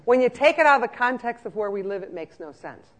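A trainer giving a lively, joking talk to care-home staff, acting out scenes as they speak. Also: mid-range voice, fast talker.

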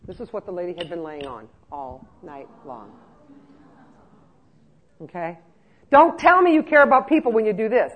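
A middle-aged woman giving a lively conference talk to care staff, telling stories and checking in with her listeners. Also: medium pitch, moderate pace, pauses often. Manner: lively storyteller, checks in with "okay?" often. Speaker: speaker on nursing home care. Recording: muffled lo-fi recording.

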